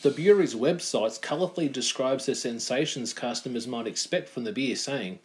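A man with a mid-range voice co-hosts a casual podcast. He chats easily and laughs often. He reads strange news headlines aloud in a flat, deadpan way. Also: mid-range voice, moderate pace. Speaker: podcast co-host.

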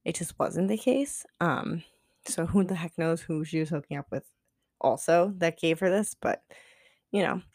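A woman's voice: low voice, moderate pace, a little mellow, dry recording, clean studio sound. A woman podcast co-host telling a casual story, chatty and profane, full of "like" and acted-out quotes. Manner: chatty, profane, heavy use of "like"; acts out quoted dialogue.

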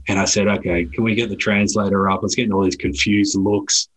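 This is an Australian man chatting as a guest, easygoing and anecdotal. His voice sits low and has a husky, breathy grain. He often restarts his sentences mid-thought. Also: fast talker, poor audio. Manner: relaxed storyteller with frequent restarts. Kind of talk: casual conversation.

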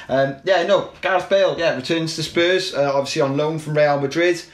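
Chatty football podcast host. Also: male voice, a little high, moderate pace. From Wales. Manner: chatty, opinionated, frequent fillers and restarts. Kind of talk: casual football chat.

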